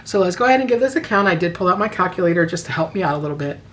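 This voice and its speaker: A woman with a hoarse voice that sounds a little sick, chatting casually to her viewers and counting cash aloud in quick runs. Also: on the low side, expressive, slight background noise, rough recording. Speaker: budgeting vlogger. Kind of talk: casual friendly chat to camera.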